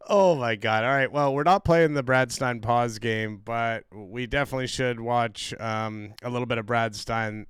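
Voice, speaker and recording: A man's voice: medium pitch, steady tone, moderate pace, hardly any pauses, a bit bright, clear, resonant tone, dry recording, clean studio sound. A man hosting a stream, chatting casually and bluntly while watching comedy clips, with some swearing. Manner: blunt, profane commentary. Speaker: streamer host.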